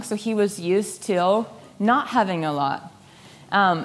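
A young woman telling a personal story in a lively, laughing way, acting out the voices of the people she quotes. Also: medium pitch. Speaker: speaker sharing a personal story. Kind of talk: storytelling talk.

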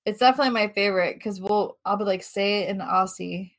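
A woman's voice: mid-range voice, quick pace. A young woman co-hosting a podcast in casual, brash chat, swearing freely and laughing often. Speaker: podcast co-host.

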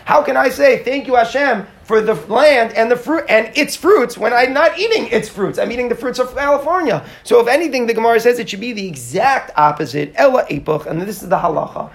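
A man's voice: extremely high pitch, lively intonation, fairly quick, gravelly, hardly any pauses. A man teaching a live Talmud class to students in California, who asks questions and explains step by step, stumbling and restarting now and then.

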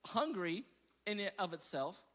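A male pastor delivers a sermon in a high, bright, ringing voice at a slightly slow pace. He shifts between calm teaching and loud, emphatic preaching, reading scripture aloud and throwing playful asides to the congregation.

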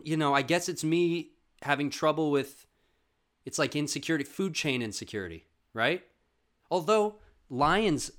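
A young man telling a comedic story, animated and swearing, calling listeners bro and dude. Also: medium pitch.

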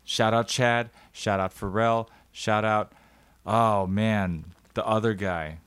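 A man's voice: lowish voice, fairly even intonation, takes it slowly, fairly bright tone, clean tone, dry recording. A man in his thirties co-hosting a podcast in casual chat, playful and teasing, firing off questions. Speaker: podcast co-host.

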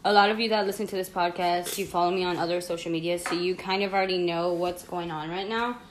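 A woman's voice: fairly low pitch, steady tone, fast, a little hiss or hum. Chatty woman podcast host, echoey room. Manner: chatty, rambling, many fillers and laughs. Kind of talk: casual podcast chat. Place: home.

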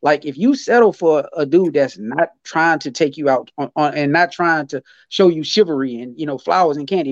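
A man co-hosting a casual podcast chat, animated and slangy, often repeating his phrases. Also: on the high side, a little fast, few pauses, dry recording, dull audio. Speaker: podcast co-host.

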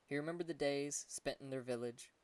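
A man's voice: medium pitch, fairly quick, a little mellow, no echo, distant mic. Man narrating a story, set back from the mic. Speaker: audiobook narrator. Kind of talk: scripted narration.

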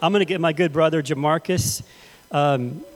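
Texan-raised pastor in a reverberant hall. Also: male voice, fairly high pitch, moderate pace. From Texas. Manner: casual, conversational, addresses the congregation directly. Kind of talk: sermon with storytelling. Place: church sanctuary.

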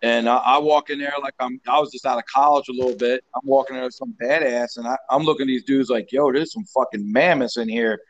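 A man in his forties, a strength coach being interviewed, telling loose, profane stories in a rambling, animated way. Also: medium pitch, fast talker, few pauses, lo-fi sound. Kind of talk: casual storytelling interview.

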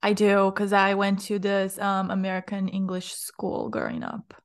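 A woman from Brazil hosts a relaxed podcast interview. Her voice sits mid-range, and her talk is lively and full of "like". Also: mid-range voice, moderate pace, vocal fry. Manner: lively, uses "like" a lot. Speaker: podcast host. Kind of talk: casual interview chat.

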